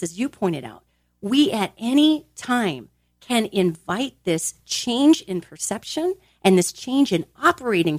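On a podcast, a woman who grew up in a large Italian family delivers an upbeat, emphatic motivational talk. She's animated and expressive, with swinging pitch, and acts out little quoted voices, recorded in clean studio sound with no echo.

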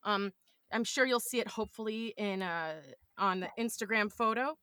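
A woman's voice: medium pitch, normal speed, bright, forceful tone, clear, resonant tone, dry recording, clean studio sound. A woman chatting as a podcast guest, telling playful stories in a casual way. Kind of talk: casual chat.

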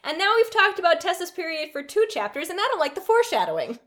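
A woman's voice: extremely high pitch, big pitch swings, quick pace, a bit bright. A young woman co-hosting a podcast, recapping a book chapter by chapter with a wry, sarcastic tone and frequent laughter. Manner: giggly, wry and sarcastic, often breaking into laughter. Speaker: podcast co-host. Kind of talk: casual book recap with read-aloud excerpts.

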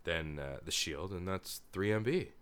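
A man's voice: deep voice, expressive, moderate pace, fairly bright tone, clear, resonant tone. A man co-hosting a casual wrestling podcast, chatting and plugging the show in a laid-back announcer way. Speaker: podcast co-host.

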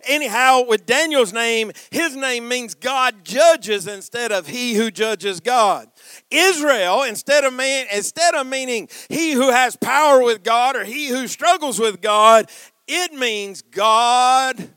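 A man preaching a sermon, swinging from quiet asides to shouted passages and calling out to the congregation. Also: very high-pitched, smooth, no echo, clean studio sound. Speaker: pastor.

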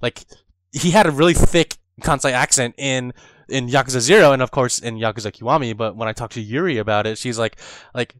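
A man in casual chat about a video game, animated and excitable, telling stories and laughing often. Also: medium pitch, fairly quick, no echo, studio quality. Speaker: co-host discussing a video game.

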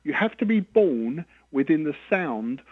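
A man's voice: a little high, big pitch swings, a little slow, no room sound. A man with a South London accent calling in to a radio show, chatting and explaining things at length. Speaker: phone-in caller from England. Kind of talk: casual chat. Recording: tinny phone line.

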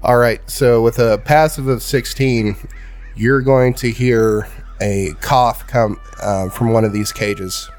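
A man's voice: medium pitch, soft background music. Man narrating as game master. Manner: calm, measured narration with fillers.

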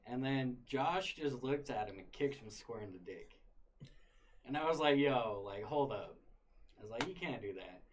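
A man's voice: medium pitch, moderate pace. A young man casually retelling a wild story, full of swearing and laughter. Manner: profane, animated, laughing retelling.

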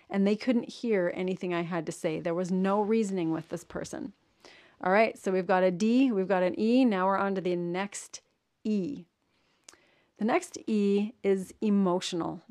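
A woman coaching leaders on communication in an earnest, steady instructional monologue, repeating and stressing key words. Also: medium pitch.

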